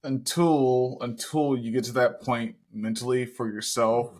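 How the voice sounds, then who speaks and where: Guy on a podcast, chatty storyteller, curses a lot, gets loud on punchlines. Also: mid-range voice, measured pace. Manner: storytelling, animated, swears. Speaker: podcast co-host. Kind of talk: casual chat.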